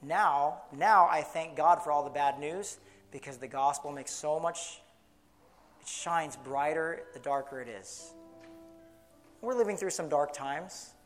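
Man, pastor, sermon, earnest, restarts, slightly high voice, soft music underneath. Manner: earnest, with many restarts, slowing to stress key words.

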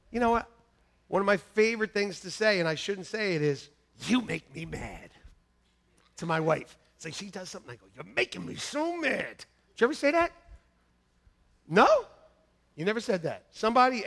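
A man preaching a lively sermon in a church, laughing and repeating lines to the congregation, shouting some quotes. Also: high voice, fairly quick. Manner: shouts mock-angry quotes at peaks. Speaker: pastor.

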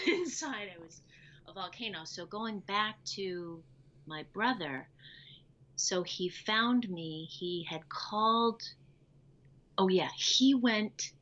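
A woman telling her personal story as an interview guest, lively and acting out the dialogue she recalls. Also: mid-range voice, dull audio. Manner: animated, acts out quoted dialogue.

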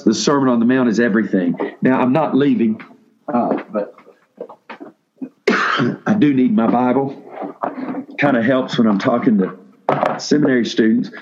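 Man, husky, conversational sermon, muffled lo-fi recording. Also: medium pitch, darkish tone. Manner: conversational preaching with frequent restarts and questions to the audience. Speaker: pastor speaking to seminary students.

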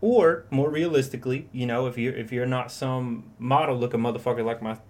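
A man's voice: mid-range voice, fairly quick, darkish tone. A young man co-hosting a casual chat, rambling and profane, acting out quoted lines as he tells stories. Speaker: podcast co-host.

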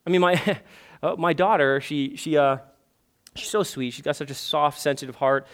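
High-voiced guy preaching in church, animated, acts out pleading prayers. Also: normal speed. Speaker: pastor. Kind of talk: sermon. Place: church sanctuary.

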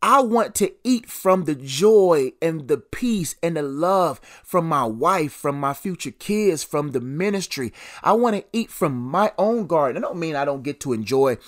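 A man's voice: a little high, animated, measured pace, hardly any pauses. A young adult man hosting a solo devotional podcast, preaching with repeated phrases and strong emphasis.

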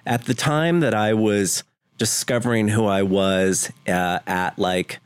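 A man from Vermont with a fairly low voice talks as a podcast guest. He tells his stories earnestly and with feeling, rambling and restarting as he goes, and the sound is dry and close. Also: steady tone, takes it slowly, clear, resonant tone, dry recording. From Vermont, USA. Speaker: guest, home video producer. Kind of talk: conversational interview.

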